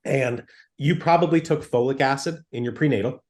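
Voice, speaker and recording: A man's voice: mid-range voice, normal speed. A man, a physician guest in an interview, explaining things emphatically with everyday examples and frequent check-ins.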